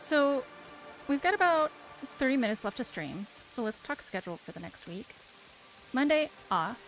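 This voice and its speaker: A woman streamer talks casually during a game, needling a friend and dropping swear words. Her pitch sits a bit high and swings up and down a lot. Faint music plays under her voice. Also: big pitch swings, normal speed, a bit bright. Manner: teasing, swears freely. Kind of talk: casual live-stream chat while gaming.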